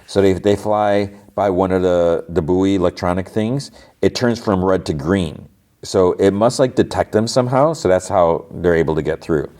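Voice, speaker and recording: A man's voice: low-pitched, moderate pace, mellow. A man hosting a podcast, casually recapping a TV episode and quoting the characters. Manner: retells scenes with quoted voices, many fillers like "like". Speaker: podcast host.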